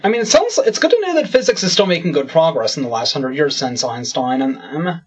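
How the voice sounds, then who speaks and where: A man's voice: a little high, very animated, fairly quick. A man co-hosting a casual podcast, sarcastic and prone to ranting about the media. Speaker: podcast co-host.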